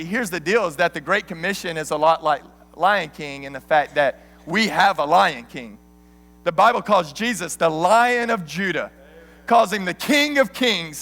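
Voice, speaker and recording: Fun storytelling preacher guy, high bright voice, long church hall echo. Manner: animated, joking storyteller. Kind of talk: sermon.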